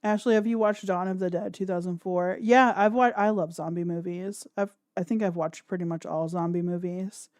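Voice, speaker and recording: A woman's voice: on the low side, steady tone, moderate pace, hardly any pauses, a little mellow, clean tone, no echo. A woman hosting a livestream, reacting to a video with crude jokes and frequent laughter. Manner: crude, joking, laughs often. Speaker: podcast host. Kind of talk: casual livestream commentary.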